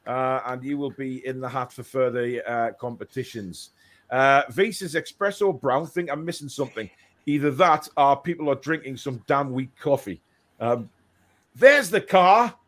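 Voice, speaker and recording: A man's voice: medium pitch, normal speed, a bit bright. A man with a Geordie accent co-hosting a casual banter show, teasing his co-host and reading out viewer comments. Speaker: podcast co-host.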